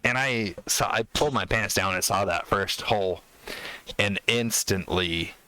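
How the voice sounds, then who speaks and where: Male podcast host, rambling storyteller, bright clear voice, low-ish. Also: measured pace, dry recording. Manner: rambling, full of fillers and acted-out quotes. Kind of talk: casual storytelling chat.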